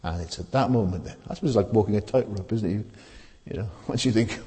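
Low, mellow man preaching in a hall. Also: fast. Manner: conversational preaching with rhetorical tag questions and frequent restarts. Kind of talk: sermon. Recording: long hall reverb.

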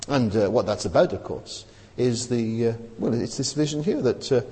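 Chatty chapel preacher in a reverberant hall. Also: male voice, medium pitch, lively intonation, moderate pace, mellow. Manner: conversational, keeps asking "isn't it?". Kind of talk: sermon.

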